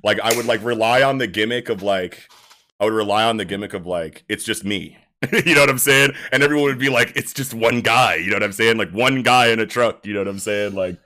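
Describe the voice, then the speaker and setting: A man's voice: on the low side, a little fast, sharp tone. A man co-hosting a podcast in loose, slangy casual chat, full of fillers. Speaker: podcast co-host.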